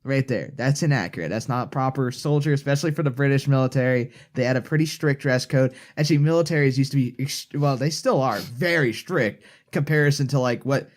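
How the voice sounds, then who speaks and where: A man's voice: mid-range voice, brisk, hardly any pauses. A man co-hosting a casual podcast, talking in a rambling, opinionated way full of restarts and asides. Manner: rambling, self-correcting, opinionated. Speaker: co-host.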